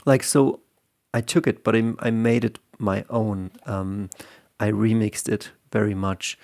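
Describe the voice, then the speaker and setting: A man talks casually about making comics, drifting from point to point and restarting his sentences. His voice is low and gravelly, with plenty of fry. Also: flat delivery, measured pace, darkish tone. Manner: loose and rambling, repeating words as he restarts. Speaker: comic artist and teacher. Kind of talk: casual explanatory talk.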